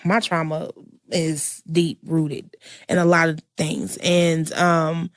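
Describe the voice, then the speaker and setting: A woman's voice: low-pitched, flat delivery, slow pace, no room sound, clean studio sound. A woman in a candid panel conversation who speaks openly and personally and laughs easily, recorded indoors at a community center. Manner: open and personal, laughs readily.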